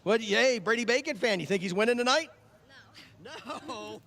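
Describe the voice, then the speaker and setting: Lively intonation marks this man's high, pushed, bright voice, delivered at a normal speed. As track chaplain at an outdoor speedway, he chats playfully with children over the PA, echoing their names and giving them ice cream vouchers.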